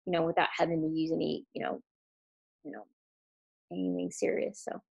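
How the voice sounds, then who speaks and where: A woman's voice: sits low, little pitch movement, fairly quick, vocal fry, slightly rough. A woman, a chiropractor guest on a podcast, talking casually with lots of fillers and restarts. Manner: warm, chatty, many restarts and fillers.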